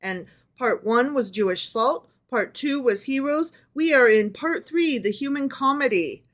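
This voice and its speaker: A woman co-hosting a casual book club podcast, reading folk tales aloud with animated delivery and chatty asides. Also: high voice, measured pace.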